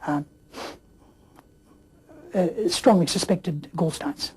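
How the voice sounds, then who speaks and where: A man telling his story in a rambling way, with many fillers and throat clearing. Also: on the high side, slow pace, a little mellow. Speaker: interview guest. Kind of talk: casual storytelling.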